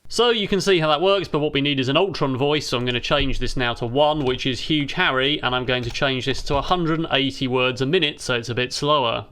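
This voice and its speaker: A man casually narrating a technical robot build, explaining each step in a relaxed way with some fillers. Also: mid-range voice, fairly quick, few pauses, smooth.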